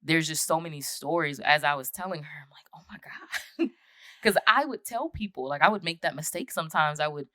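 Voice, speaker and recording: A woman's voice: low-pitched, expressive, fast talker, few pauses, pushed and bright, no echo, clean studio sound. A woman from the United States, a podcast guest, telling her personal story in an earnest way and acting out past conversations. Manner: earnest, reenacts past conversations in quoted voices.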